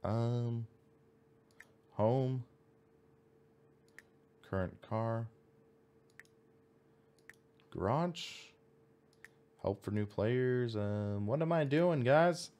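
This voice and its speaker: A man's voice: medium pitch, drawn-out words, long pauses, darkish tone. A man streaming a racing sim, thinking aloud as he reads out menu items and chats with viewers. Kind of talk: casual live-stream commentary.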